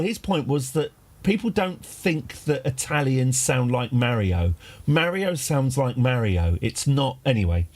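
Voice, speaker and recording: A man chatting casually as a game streamer, rambling through tangents with dry jokes. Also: medium pitch. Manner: rambling, tangent-prone, dryly joking. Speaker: livestream gamer host.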